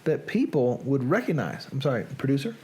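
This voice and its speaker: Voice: medium pitch, sing-song, fairly quick, a little mellow. A host chatting casually on a live reading show, joking and reacting to viewers.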